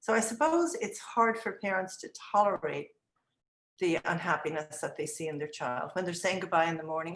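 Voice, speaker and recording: A middle-aged woman in an interview, reflecting on teaching children in a thoughtful way, often restarting her sentences and acting out gentle phrases she would say to a child. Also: lowish voice, expressive, a little fast. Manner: acts out gentle words to children. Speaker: early childhood education director. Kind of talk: interview answers. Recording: roomy echo.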